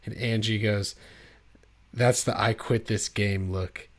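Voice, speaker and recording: A man co-hosting a casual sports podcast, calmly retelling funny lines from game broadcasts. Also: fairly low pitch, slow pace. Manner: relaxed recounting of broadcast quotes. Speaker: podcast co-host. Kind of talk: casual chat.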